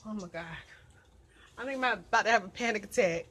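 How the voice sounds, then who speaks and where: A woman's voice: mid-range voice, moderate pace, pauses often, fairly bright tone, husky. A woman vlogging on her outdoor balcony. She talks to her viewers in a jittery, nervous way, often murmuring under her breath and then letting out sudden yelps. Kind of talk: casual vlog talk to viewers.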